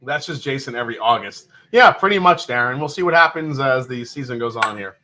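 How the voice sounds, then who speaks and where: A man's voice: mid-range voice, lively intonation, a little fast, bright, forceful tone. A man hosting a casual livestream, loose and joking and sometimes profane. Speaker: livestream host. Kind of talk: casual live chat.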